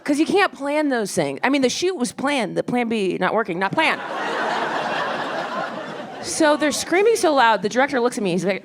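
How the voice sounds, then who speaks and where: A woman stand-up comedian telling a story in a wry, quick, self-deprecating way, on a club stage with a handheld mic. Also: a little high, big pitch swings. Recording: live club recording with crowd noise. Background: audience laughter.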